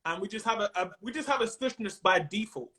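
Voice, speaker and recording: High-pitched and expressive, this London-accented man talks brisk, bright and forceful. He's a comedian guest on a video call, keeping the chat casual and jokey, loaded with slang and frequent laughter.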